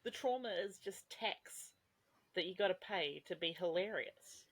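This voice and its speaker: A woman co-hosting a book podcast, joking around in an expressive, dramatic way. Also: lowish voice, measured pace, background noise. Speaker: podcast co-host. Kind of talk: casual podcast chat.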